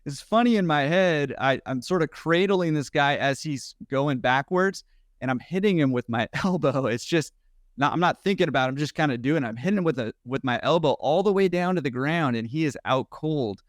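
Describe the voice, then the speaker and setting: A man's voice: on the high side, dry recording. Man telling a wild story, dry sound. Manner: animated, quick, laughing at his own story. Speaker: podcast guest. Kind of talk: casual storytelling.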